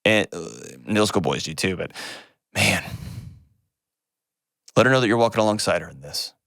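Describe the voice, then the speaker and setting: A man, hosting an advice call-in show and answering a caller in an earnest, gentle way. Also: on the low side, expressive, normal speed, vocal fry, no room sound, studio quality. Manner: earnest and gentle, shifts pace often.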